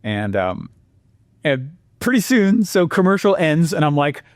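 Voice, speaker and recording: A man presenting a marketing lesson with energetic, animated storytelling and exclamations. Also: on the high side, unhurried, no echo, studio quality.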